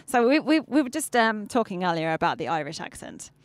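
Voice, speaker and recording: A woman's voice: mid-range voice, big pitch swings, brisk, no room sound. A woman presenting a casual interview outdoors on a balcony, friendly and upbeat, often ending questions with tag questions.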